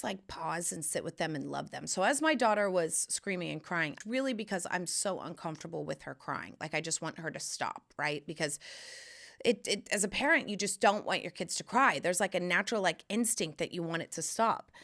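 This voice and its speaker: A woman hosting her own podcast, telling a candid, profanity-laced personal story in a casual, animated way. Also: on the low side, gravelly. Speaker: podcast host. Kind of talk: casual solo podcast chat.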